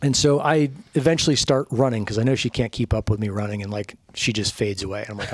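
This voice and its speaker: A man's voice: medium pitch, fairly quick, no room sound. Profane storytelling man, dry sound. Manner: animated, profane, acts out quoted people. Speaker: podcast guest.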